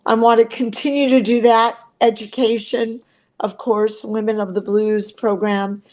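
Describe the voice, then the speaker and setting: A woman guest with a Chicago accent, talking unhurriedly and pausing to search for words. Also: fairly high pitch, little pitch movement, darkish tone. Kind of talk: casual interview talk.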